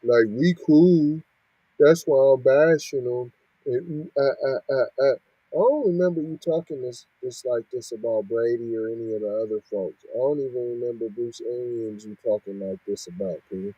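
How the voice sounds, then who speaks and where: Heated man ranting in a dry, husky voice. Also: medium pitch, normal speed, dry recording, dull audio. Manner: heated, scolding rhetorical questions. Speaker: podcast host reacting to news. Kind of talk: reading and ranting commentary.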